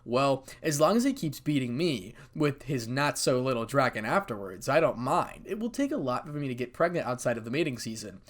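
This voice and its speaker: A man's voice: mid-range voice, sing-song, brisk, hardly any pauses. Man doing a teasing cat-girl devil. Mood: playful.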